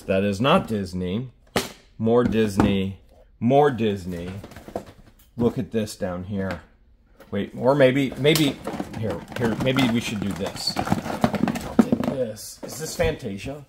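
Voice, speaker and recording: Brief: man, lowish voice, unhurried delivery, excitable treasure hunter, noisy take. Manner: excitable, keeps exclaiming in wonder. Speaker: treasure hunting vlogger. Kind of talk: casual unboxing commentary.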